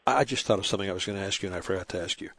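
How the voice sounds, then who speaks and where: A man hosting a radio interview, asking quick, curious questions. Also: sits low, a bit bright, slight background noise.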